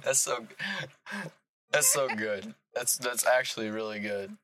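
A man's voice: on the low side, unhurried, sharp tone, dry recording. A man hosting a podcast in casual chat, easygoing, asking questions and laughing along. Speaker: podcast host.

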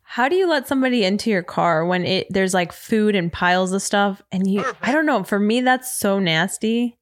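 A woman co-hosting a podcast, chatting candidly and giggling, quick to react with disbelief. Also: medium pitch, no room sound, studio quality. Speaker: podcast co-host. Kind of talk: casual chat.

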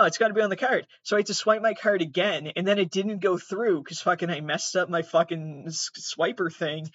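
A woman's voice: on the low side, no room sound. A young woman rambles through a self-mocking anecdote, swearing freely and restarting her sentences as she goes. Her voice is recorded dry and close, with a slightly dull, muffled tone. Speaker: podcast host. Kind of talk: casual storytelling monologue.

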